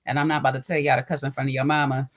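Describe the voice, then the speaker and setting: Low-voiced woman, casual chat. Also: very fast. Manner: animated storyteller, laughs often, says "child" and "okay". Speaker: podcast co-host.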